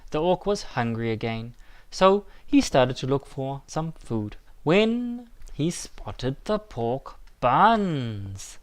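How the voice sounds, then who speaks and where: A man narrating a children's story in a slow, measured, expressive way. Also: medium pitch.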